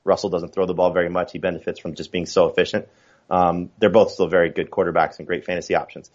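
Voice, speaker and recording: A man's voice: sits low, flat delivery, fast, muffled recording. A man talking fantasy football as a podcast guest, chatty and full of fillers and restarts. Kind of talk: casual podcast chat.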